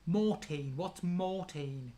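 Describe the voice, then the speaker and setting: A man chats through a live quiz stream in a slightly higher voice. He teases his co-host and argues back quickly. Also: mellow. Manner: chatty, teasing, quick to argue. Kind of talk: casual live-stream chat.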